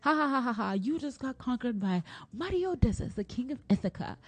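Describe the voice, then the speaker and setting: A woman's voice: fairly high pitch, lively intonation, a little fast, slightly rough, voice pushed up. A woman voicing a boastful male hero king taunting his enemy with a gloating laugh.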